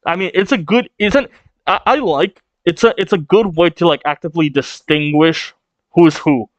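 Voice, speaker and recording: A young man reacting to a comic chapter he reads aloud, excitable and swearing, laughing often. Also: fairly high pitch, moderate pace, no echo. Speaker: reaction streamer. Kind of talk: casual reaction reading.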